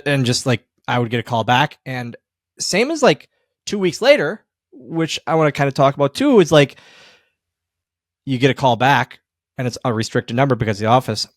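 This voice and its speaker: A man hosting a podcast, telling stories in a casual, animated way and laughing often. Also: mid-range voice, no echo, clean studio sound. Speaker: podcast host. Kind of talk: casual interview chat.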